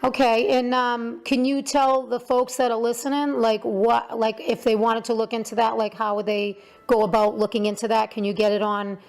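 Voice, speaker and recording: Casting: talkative female talk show host, fairly high voice, lots of ums. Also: flat delivery, normal speed, few pauses, darkish tone. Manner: chatty, many fillers and restarts. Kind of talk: casual interview chat.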